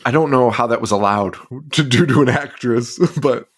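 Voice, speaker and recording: Podcast co-host, male, mid-pitched voice, profane and rambling casual recap. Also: moderate pace, husky. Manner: heavy swearing, rambling with fillers. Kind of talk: casual movie recap chat.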